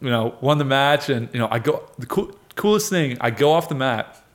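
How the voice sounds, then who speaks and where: Animated young man telling a story. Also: medium pitch, moderate pace, slight background noise. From United States. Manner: animated storyteller, acts out quotes, laughs often. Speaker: guest, wrestler and fighter. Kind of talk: casual storytelling interview.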